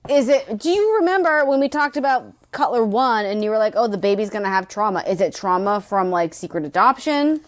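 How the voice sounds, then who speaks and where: A woman's voice: medium pitch, expressive, fairly quick, hardly any pauses. A woman co-hosting a podcast, chatting casually about a book with blunt, sweary, sarcastic asides. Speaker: podcast co-host. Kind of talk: casual chat recapping a book.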